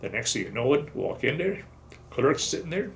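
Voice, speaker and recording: Man in his seventies, veteran, oral history interview, gravelly voice, salty blunt storytelling. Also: medium pitch, big pitch swings, moderate pace, fairly bright tone, a little hiss or hum. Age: 70s. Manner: salty, blunt retelling with profanity.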